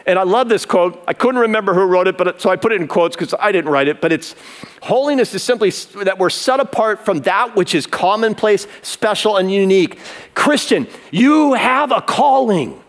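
A man's voice: sits high, a little fast. A man pastor preaching an emphatic sermon that builds in intensity, in a converted barn used as a church.

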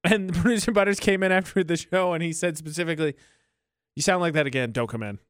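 A man co-hosting a radio show, chatting casually and telling animated, joking stories. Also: fairly high pitch, fast talker, no echo, studio quality. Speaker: radio co-host.

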